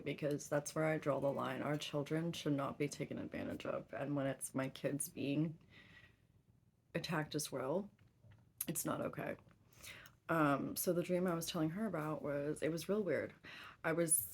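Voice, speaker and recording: A woman's voice: low voice, fairly even intonation, normal speed, gravelly, a little mellow, breathy edge. A woman in her thirties telling a long story in casual chat, rambling and swearing freely. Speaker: tarot reader.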